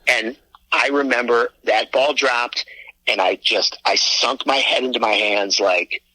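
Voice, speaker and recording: A man co-hosting a casual chat, telling a story with lots of energy and acting out what he shouted. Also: medium pitch, unhurried, slightly rough, dry recording, rough recording. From Cleveland area, USA. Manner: animated storyteller, swearing, acts out his own shouts. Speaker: podcast co-host.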